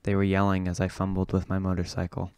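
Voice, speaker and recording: A man reading a novel aloud in a steady, low-key way. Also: quick pace, clean tone, no room sound. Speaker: audiobook reader.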